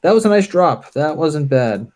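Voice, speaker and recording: A man playing a tabletop wargame, calling out dice results and unit moves in a relaxed, deliberate way. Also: a little high. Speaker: wargame player. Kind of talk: casual play-through commentary.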